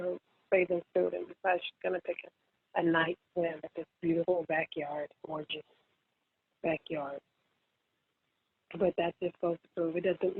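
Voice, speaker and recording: Author on the phone to a radio show, rambles and fixes details as they go, flat voice, tinny line. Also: medium pitch, no echo. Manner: rambling, restarts and corrects details. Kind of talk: casual phone-in storytelling.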